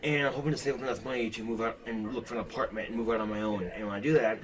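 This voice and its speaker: A young man rambling haltingly in a home video vlog, with many fillers. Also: on the low side, steady tone.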